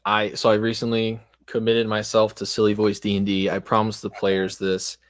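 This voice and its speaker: A man's voice: lowish voice, completely flat delivery, normal speed. A man hosting a casual live-stream chat about tabletop games, rambling and self-deprecating. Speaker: podcast host and game master.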